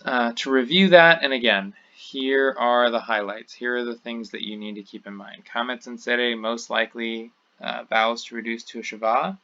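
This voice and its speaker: A man's voice: mid-range voice, pushed and bright, dull audio. A man teaching a recorded Hebrew grammar review, explaining patiently with frequent ums and uhs. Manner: patient, explanatory, with many fillers.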